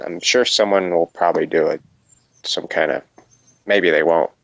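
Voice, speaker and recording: Man on a video call: low gravelly voice with lively swings, crude and mocking, casual chat. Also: normal speed, no echo, poor audio. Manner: profane, scoffing, laughs often. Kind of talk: casual online hangout chat.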